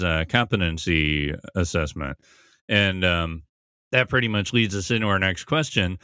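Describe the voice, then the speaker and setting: A man's voice: low-pitched, fairly bright tone, clear, resonant tone, dry recording, clean studio sound. A man hosting a podcast, casually recapping and analyzing a TV episode in a thoughtful, conversational way, thinking aloud as he goes. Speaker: podcast host.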